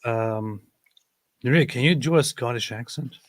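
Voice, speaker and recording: A man's voice: medium pitch, unhurried, no echo. A man hosting a casual live stream, reading out viewer comments with stammering, joking asides. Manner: stammering, jokey, reads comments aloud with dry asides. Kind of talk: casual chat. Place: live stream, sharing his screen.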